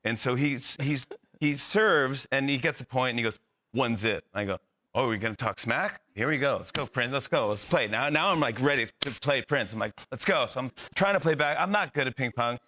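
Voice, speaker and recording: With a mid-range voice and a brisk delivery, a middle-aged talk show guest spins a funny anecdote, animatedly performing the voices of everyone in the story.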